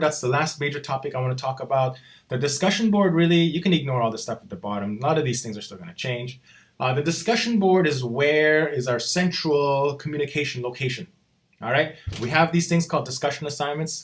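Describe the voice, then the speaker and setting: A man teaching a college course in a recorded walkthrough, chatty and relaxed, checking in with "right?" after nearly every point. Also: medium pitch. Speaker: college instructor. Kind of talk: recorded screen-walkthrough lecture.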